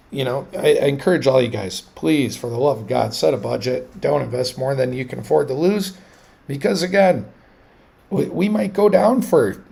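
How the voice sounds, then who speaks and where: A man in his thirties hosting a casual livestream, talking in a rambling, animated way with many restarts. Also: medium pitch, gravelly, husky. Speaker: livestream host.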